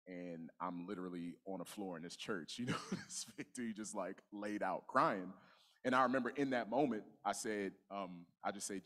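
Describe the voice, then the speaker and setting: A young man preaching a sermon in a church, telling his story in a relaxed, conversational way with frequent restarts. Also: deep voice, brisk. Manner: conversational, testimony-style preaching with many restarts and "you know". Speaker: guest preacher. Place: church sanctuary.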